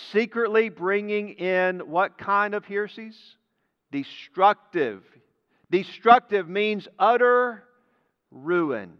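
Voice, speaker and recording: A pastor in a church sanctuary preaches in a high, smooth voice at a slow, measured pace. He leans on key words and lets each phrase sink low at its end. The sound is dull and lo-fi, with a long reverb tail from the hall. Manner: deliberate, emphatic preaching that drops low at phrase ends. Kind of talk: sermon.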